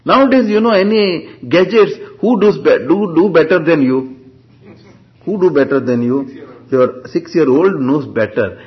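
A man, teaching Vedanta and Sanskrit in a classroom lecture. He keeps quizzing the class with rhetorical questions and answers them himself, and he reads out Sanskrit terms slowly. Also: on the high side. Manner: slow, deliberate reading of Sanskrit terms. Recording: dull lo-fi lecture recording.

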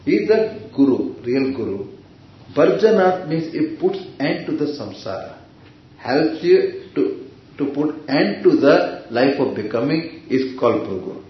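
A man's voice: a little high, sing-song, unhurried. Man teaching scripture in echoey hall. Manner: storytelling, with Sanskrit terms and asides to listeners. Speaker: spiritual teacher. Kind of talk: scripture discourse. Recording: very echoey dull hall recording.

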